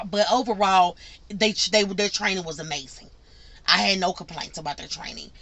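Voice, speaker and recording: Bright, chatty woman telling her story. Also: mid-range voice, normal speed, dry recording. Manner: chatty, repeats herself, acts out quotes. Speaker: truck driver vlogger answering questions. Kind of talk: casual Q&A vlog.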